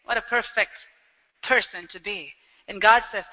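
A man preaching a sermon as pastor, animated and acting out everyday scenes with quick little quoted voices. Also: high-pitched. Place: church hall. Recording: dull lo-fi sound with long hall reverb.

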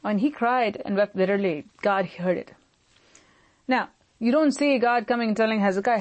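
A woman pastor preaching a sermon in an earnest, emphatic manner, often speeding up and slowing down. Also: medium pitch.

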